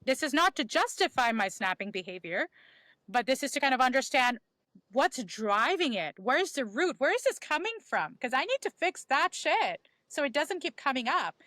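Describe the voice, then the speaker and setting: A woman's voice: high voice, sing-song, normal speed, sharp tone, no room sound. A woman talking as a podcast guest, giving emphatic advice that repeats key phrases and acts out inner dialogue. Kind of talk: animated conversational advice.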